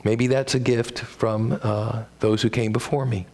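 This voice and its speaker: A man with a Midwestern American accent performing a one-man stage monologue, with wry, self-deprecating dad-joke humor and pitch that jumps for comic emphasis. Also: flat delivery, unhurried, a little mellow.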